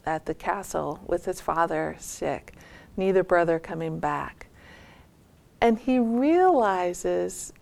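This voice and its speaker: Slow, gravelly woman telling a tale. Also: mid-range voice. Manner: reflective storytelling, drops to soft near-whispers. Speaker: meditation teacher. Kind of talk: dharma talk retelling a folk tale.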